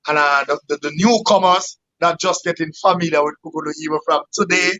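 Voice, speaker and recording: Male guest artist, thankful and rambling, slightly high pitch, lo-fi audio. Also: fairly even intonation, brisk, bright, forceful tone. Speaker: guest musician. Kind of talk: interview answers. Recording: dull lo-fi sound.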